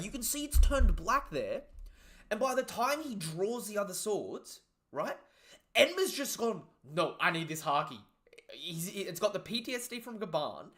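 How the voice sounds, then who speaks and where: A man giving excited, profanity-laden live commentary while reading through a comic chapter and chatting to viewers. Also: very high voice. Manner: excitable, swears freely; reads the panels aloud as he goes. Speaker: live reaction streamer. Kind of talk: casual live reaction commentary.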